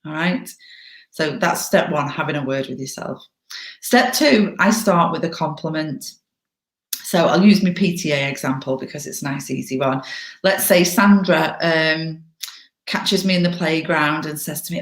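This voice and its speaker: Breezy woman with a lowish voice. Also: moderate pace. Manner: upbeat, chatty, breezy. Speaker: workshop presenter. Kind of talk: online workshop presentation. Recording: echoey room.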